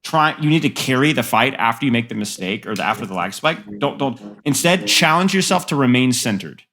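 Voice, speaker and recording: A man's voice: mid-range voice, animated, fairly quick, sharp tone. Nasal-sounding male coach, rambling. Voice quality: self-described nasal voice. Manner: rambling, filler-heavy, frank. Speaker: game coach. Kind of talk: casual coaching session.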